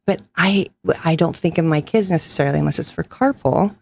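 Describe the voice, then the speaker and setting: A woman's voice: low-pitched, a little fast, creaky, background noise. A woman, a psychic medium and mother, telling personal stories earnestly in a casual podcast chat and laughing easily.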